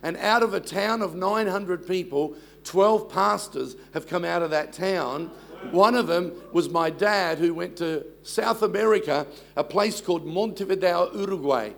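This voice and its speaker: A man's voice: sits high, unhurried, creaky. A man, preaching a sermon and telling stories with self-deprecating humor. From Australia. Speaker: pastor.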